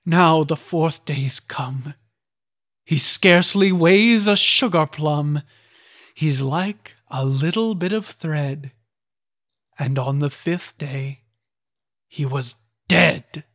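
A reader narrates old rhyming children's tales with a theatrical touch, swooping up for exclamations and dropping low for grim endings. The pace is slow and unhurried at a middle pitch. The recording is dry and close, with no room echo. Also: fairly bright tone. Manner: deliberate, theatrical reading with voiced characters. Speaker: audiobook reader. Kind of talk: storybook verse narration.

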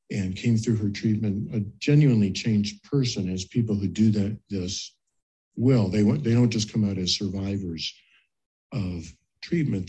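A man, a therapist, calmly telling the story of a former patient in a measured, reflective way. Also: lowish voice, husky, poor audio. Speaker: guest therapist. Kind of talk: storytelling a case.

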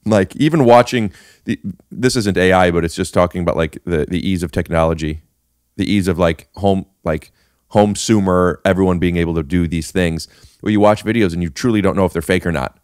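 A man's voice: low voice, brisk, a little mellow, clear, resonant tone, no echo, studio quality. A man hosting a podcast in casual chat, teasing and joking with his guest. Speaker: podcast host.

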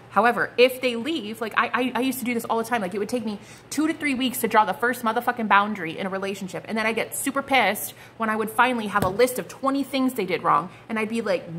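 A young woman giving a casual tarot reading to her viewers, blunt and animated, swearing freely as she calls things out. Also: fairly high pitch, brisk, a little hiss or hum. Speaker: psychic tarot reader.

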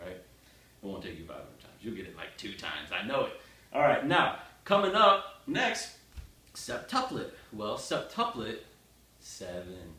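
A man teaching a casual music lesson, chanting counts and rhythm words aloud and talking to the student in a joking, direct way. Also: fairly low pitch. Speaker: drum teacher. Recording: roomy sound from a distance with loud noise.

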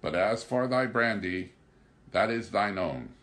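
A man's voice: animated, unhurried. A man voicing an exuberant, scheming young male drifter in a theatrical, raised voice. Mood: sly. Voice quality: theatrical, high and loud.

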